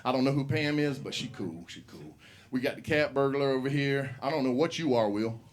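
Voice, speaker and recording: A man's voice: mid-range voice, fairly even intonation, brisk. A man hosting an open mic comedy night, telling a rambling, profane story to the crowd. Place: comedy club. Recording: live room with audience.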